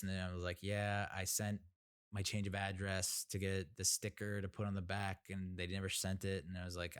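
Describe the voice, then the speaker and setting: A man's voice: low-pitched, flat delivery, normal speed, clear, resonant tone. A man hosting a podcast, telling a story in a rambling, sarcastic way with lots of fillers. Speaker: podcast host. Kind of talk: casual storytelling monologue.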